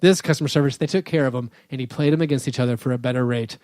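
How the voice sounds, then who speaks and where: A man's voice: mid-range voice, fairly even intonation, rapid-fire, a little mellow, no echo, clean studio sound. A man in his thirties, co-hosting a podcast, telling a rambling story full of fillers and restarts. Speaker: podcast co-host. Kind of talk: casual chat.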